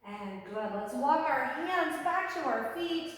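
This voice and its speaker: This woman's voice sits high and sounds animated, moving at a slow pace. She is leading kids through yoga in her studio, using a sing-song, playful, encouraging style, and the room is echoey with a long reverb tail.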